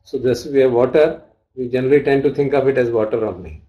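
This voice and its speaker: A man's voice: mid-range voice, fast talker, lo-fi sound. A man teaching a study class, reading out texts and glossing Pali terms as he explains them. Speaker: dharma teacher.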